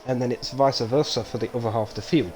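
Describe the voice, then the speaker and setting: Excitable man doing casual race commentary. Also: mid-range voice, quick pace. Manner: casual, rambling, self-mocking banter; gets loud and excited at race incidents. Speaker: sim racing league commentator. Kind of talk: live-streamed race commentary.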